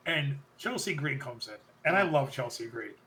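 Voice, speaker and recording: A man's voice: mid-range voice, moderate pace, a little hiss or hum. A man hosting a podcast, rambling through a wrestling recap and often correcting himself mid-sentence. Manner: rambling, self-correcting, excited recounting. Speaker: podcast host. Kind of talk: casual wrestling recap chat.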